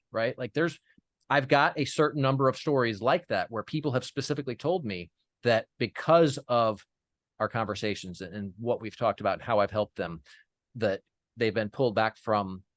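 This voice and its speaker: A man's voice: medium pitch, fairly bright tone, no echo, clean studio sound. A man as an interview guest, telling a personal story in an earnest way, with many fillers and restarts.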